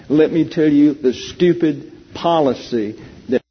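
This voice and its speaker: A man leading a Bible class, teaching in a teasing, conversational way and explaining points slowly to a room of listeners. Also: medium pitch, steady tone, breathy edge. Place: church classroom with an audience. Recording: dull lo-fi recording.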